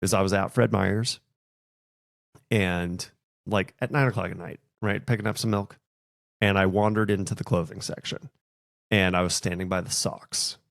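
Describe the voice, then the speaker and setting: A man's voice: sits low, steady tone, moderate pace, vocal fry, dry recording, studio quality. A man hosting a podcast, telling a personal story in a casual, reflective way that turns emotional. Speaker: podcast host.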